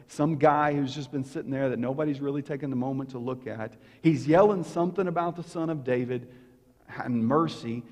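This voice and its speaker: A man preaching a sermon as pastor, telling the story with animated energy and sometimes dropping to a hushed, intense tone. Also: on the high side. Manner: animated storytelling, acting out the crowd's lines. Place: church sanctuary. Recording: long hall reverb.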